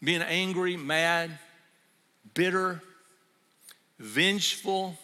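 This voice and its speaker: A middle-aged man preaching a sermon as pastor, telling a story in an animated way and acting out its voices. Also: sits high, drawn-out words. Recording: long reverb of a hall.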